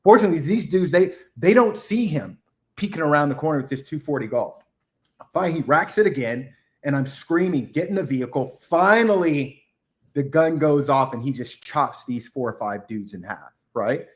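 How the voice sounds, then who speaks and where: A middle-aged man, a retired military chief, telling a combat story as a podcast guest, acting out the shouted orders. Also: fairly high pitch, normal speed. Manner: animated war storytelling, acts out shouted quotes. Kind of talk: casual storytelling interview.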